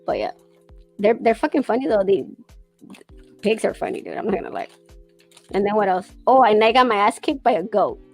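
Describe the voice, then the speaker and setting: A woman's voice: medium pitch, sing-song, brisk, long pauses, darkish tone, soft background music. A woman hosting a casual chat, rambling through stories with plenty of swearing and laughter. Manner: profane, rambling storyteller who laughs often. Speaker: podcast host.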